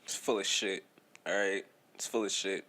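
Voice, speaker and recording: A man's voice: sits low, fairly even intonation, normal speed, bright, forceful tone. A young man co-hosting a podcast, telling a story in casual chat, swearing freely, laughing often and tagging his sentences with "right?". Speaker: podcast co-host.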